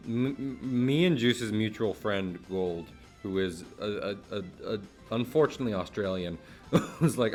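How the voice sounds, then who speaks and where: A man's voice: lowish voice, expressive, a little slow, darkish tone, soft background music. A man from New Jersey streaming live in a casual chat, rambling, laughing often and swearing now and then.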